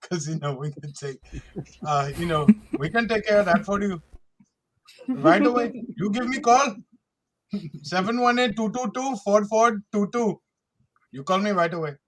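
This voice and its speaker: A pushy telemarketer with an Indian accent, pitched a little high, as a man puts him on. He pushes his warranty pitch in an insistent singsong. He sounds like a phone salesman chasing a sale. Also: normal speed, long pauses, fairly bright tone, a little hiss or hum, poor audio. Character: pushy male call-center warranty salesman.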